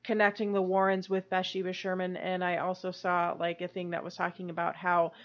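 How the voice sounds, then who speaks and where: A woman's voice: on the low side, monotone, brisk. A woman co-hosting a casual podcast, chatty and explaining what she has read about a subject. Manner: chatty, explains research, laughs often. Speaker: podcast co-host. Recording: dull lo-fi audio.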